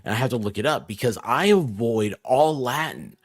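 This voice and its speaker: A woman lawyer joining as a guest, talking in quick animated bursts and poking fun at herself. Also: very deep voice, dry recording, studio quality. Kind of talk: casual chat.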